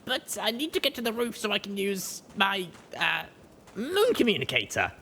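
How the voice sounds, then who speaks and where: A man's voice: sits high, wildly swooping pitch, normal speed, pushed and bright, slight background noise, voice pushed up, full character voice. A man voicing a determined young mare who leads and protects her friends, speaking earnestly. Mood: coaxing.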